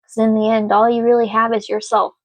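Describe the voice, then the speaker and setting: A woman's voice: on the high side, flat delivery, fairly quick, dry recording. A woman giving a casual spoken tarot reading, earnest and emotional, speaking reassuringly to her listener. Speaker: tarot reader.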